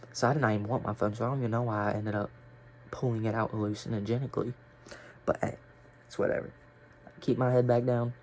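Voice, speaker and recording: A man's voice: mid-range voice, fairly even intonation, fast, pauses often, a little mellow, a little hiss or hum. A young man telling a story casually, rambling and swearing with lots of fillers. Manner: rambling, profane, filler-heavy.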